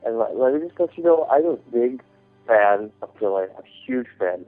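A man's voice: mid-range voice, expressive, moderate pace. A man leaves a voicemail complaining, somewhere between serious and joking. The line is tinny, with faint music underneath. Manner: half-joking indignation.

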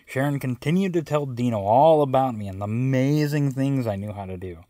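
A man's voice: mid-range voice, lively intonation, brisk, hardly any pauses, mellow, no echo. A man telling a first-person story with wry, self-mocking narration.

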